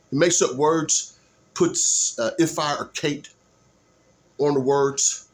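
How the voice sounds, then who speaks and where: A man's voice: medium pitch, measured pace, long pauses. A man talking casually to his camera in a loose, rambling way while he practices comedy voices. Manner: rambling, loose, lively delivery. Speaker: aspiring comedian and musician. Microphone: camera mic.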